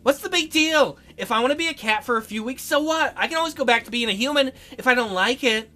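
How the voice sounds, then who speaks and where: A man's voice: extremely high pitch, quick pace, sharp tone, soft background music. A man voicing a sulky young woman who has turned into a cat, speaking in a pouty, dismissive way.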